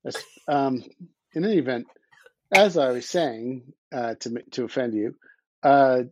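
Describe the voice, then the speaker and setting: A man's voice: medium pitch, expressive, moderate pace, darkish tone, no room sound. Blunt, opinionated man with hiccups. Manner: blunt, opinionated, swears, frequent restarts. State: has the hiccups. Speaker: podcast guest, underwater explorer. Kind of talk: casual conversational interview.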